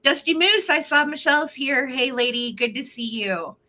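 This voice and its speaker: A woman's voice: high voice, lively intonation, moderate pace, bright, forceful tone. Bubbly woman hosting a live sale. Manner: bubbly, greets viewers by name. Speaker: host of a live online vintage sale. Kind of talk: casual live-stream chat.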